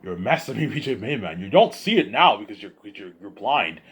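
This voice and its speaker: A man's voice: lowish voice, sing-song, quick pace, a bit bright, husky. A tired man vlogging to his viewers in a rambling monologue, repeating himself, stumbling over restarts and swearing.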